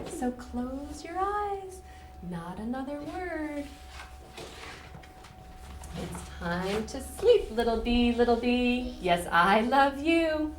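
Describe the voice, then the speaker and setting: A woman teacher leading rhymes and reading a picture book to young children in a patient, sing-song way, recorded in a classroom. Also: high-pitched. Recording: echoey room, distant mic, noisy.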